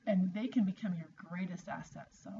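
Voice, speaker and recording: A woman's voice: fairly low pitch, moderate pace, creaky, mellow. A middle-aged woman talking straight to her viewers in a chatty, encouraging motivational vlog, restarting sentences as she goes. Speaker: vlogger. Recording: slightly dull lo-fi audio with faint noise.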